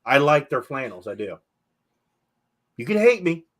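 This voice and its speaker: A man's voice: mid-range voice, sing-song, measured pace, background noise. A man hosting a casual podcast chat, telling stories with animation and swearing freely. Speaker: podcast host.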